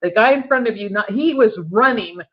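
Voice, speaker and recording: A woman's voice: fairly high pitch, fairly quick. Woman, casual chat, laughs a lot, dull lo-fi recording. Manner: laughing, chatty.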